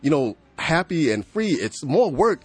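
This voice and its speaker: A man's voice: on the high side, sing-song, a little slow, slightly rough. A man hosting a casual radio interview, talking enthusiastically and hyping up the listeners. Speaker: radio host.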